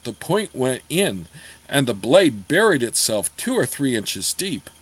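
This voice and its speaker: A man reading a fantasy novel aloud in a steady storytelling manner. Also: mid-range voice, husky, low-quality recording. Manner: steady storytelling, apologizes for page turns. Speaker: audiobook reader.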